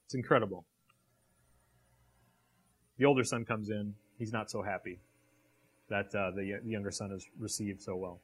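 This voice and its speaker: A man's voice: on the low side, steady tone, normal speed, long pauses, breathy edge. A man reading a passage aloud and then preaching on it, with direct questions to a live audience. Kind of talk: sermon.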